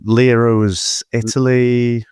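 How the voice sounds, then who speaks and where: A man's voice: medium pitch, level tone, takes it slowly, darkish tone, smooth, no echo. A man co-hosting a casual film review podcast, joking in a dry way. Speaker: podcast co-host.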